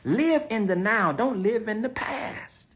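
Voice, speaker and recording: A man's voice: high voice, expressive, slow, a bit bright, slightly rough. A man talking casually to camera as an online business coach, reflective and emphatic, sometimes dropping to a near whisper. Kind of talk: casual motivational vlog talk.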